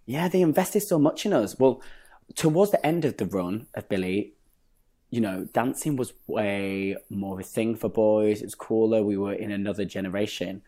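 A young man, a guest telling stories in a casual interview, animated and quick to act out what people said. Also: lowish voice. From northern England. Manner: animated, acts out quoted voices, laughs often. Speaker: guest, stage performer.

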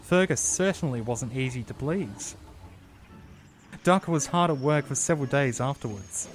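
A man reading a children's railway story in a slow, measured storytelling manner. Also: medium pitch, expressive. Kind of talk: scripted storybook narration. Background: music.

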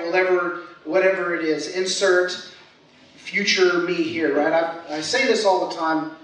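A man's voice: on the high side, fairly bright tone. A young man preaching a sermon as a pastor, in an earnest, conversational way with frequent restarts. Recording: echoey hall, heard from a distance.

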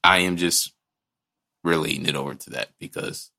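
A man's voice: deep voice, steady tone, normal speed, vocal fry, sharp tone. Ranting, profane podcast guy. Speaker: podcast co-host. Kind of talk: casual chat.

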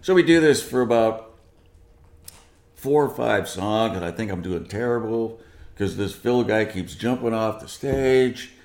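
A man being interviewed, telling a long anecdote in an animated way and acting out the dialogue. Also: lowish voice, measured pace, echoey room. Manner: animated, acts out quoted dialogue. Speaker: guest musician. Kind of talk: storytelling interview.

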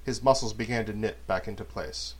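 A man narrating a dark fantasy story aloud, reading at an even, steady pace. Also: on the low side, brisk, husky. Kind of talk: audiobook narration of a fantasy serial.

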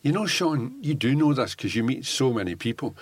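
Husky Scottish older man telling stories. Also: mid-range voice, fairly quick. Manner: animated storyteller who laughs often and acts out dialogue. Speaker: former undercover police officer, guest. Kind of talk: anecdotal storytelling in an interview.

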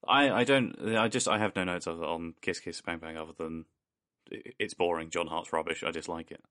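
Guy cohosting a podcast, really low voice, curt and blunt. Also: steady tone, fairly quick, a bit bright, no echo, studio quality. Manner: blunt, laid-back, curt opinions. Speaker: podcast co-host. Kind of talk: casual chat.

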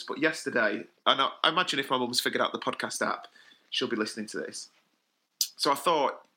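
Very bright-voiced chatty male podcast host. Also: medium pitch. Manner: chatty, wry storytelling. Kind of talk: casual chat.

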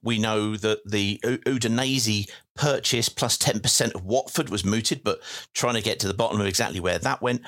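A man with a fairly low voice chats about football on a podcast. He explains in long, rambling runs and teases his co-hosts. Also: fairly bright tone. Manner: chatty, teasing, long explanations. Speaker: podcast co-host. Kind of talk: casual football chat.

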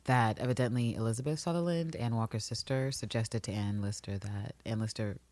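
A woman co-hosting a casual podcast, reading historical passages aloud and then riffing on them with animated asides and laughter. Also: extremely low pitch, fairly quick, no room sound. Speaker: podcast co-host. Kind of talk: casual chat, reading from a book.

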